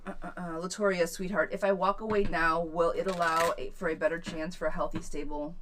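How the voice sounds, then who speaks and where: A woman's voice: lowish voice, flat delivery, a little fast, noisy background. A woman giving a live-stream tarot reading. She reads viewers' questions aloud and answers them bluntly, swearing freely. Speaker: tarot reader.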